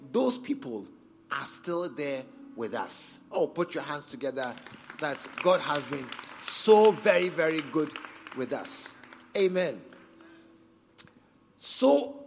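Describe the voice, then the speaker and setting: A man with a Ghanaian accent preaching a sermon in church, emphatic and repetitive as he urges the congregation on. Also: high voice. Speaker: pastor. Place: church service. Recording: church hall reverb with faint music.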